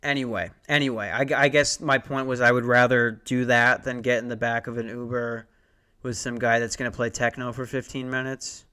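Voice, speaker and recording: Profane ranting podcast man, smooth voice. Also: mid-range voice, flat delivery, normal speed, sharp tone. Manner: profane, rambling, heated ranting with many restarts. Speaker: podcast host. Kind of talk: comedic podcast rant.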